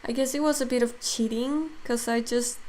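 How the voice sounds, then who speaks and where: A woman's voice: on the high side, steady tone, normal speed, a little mellow, slight background noise. A woman running a live sculpting tutorial stream, thinking aloud with many fillers and reading out chat comments, her voice strained and tiring. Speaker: digital sculpting instructor.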